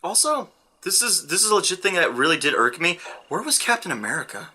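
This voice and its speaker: Casting: energetic male co-host, high bright voice, swears, acts out the scenes he retells. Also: fast talker, husky. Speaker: co-host of a movie review show. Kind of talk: casual movie review banter.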